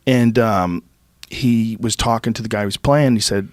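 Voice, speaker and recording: A man in his fifties from the Boston area, hosting a podcast and telling casual stories in a lively, profane way. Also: lowish voice, normal speed, dry recording, studio quality. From Boston area, USA. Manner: profane, animated storytelling with rising excitement. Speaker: podcast host. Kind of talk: casual storytelling chat. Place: podcast studio.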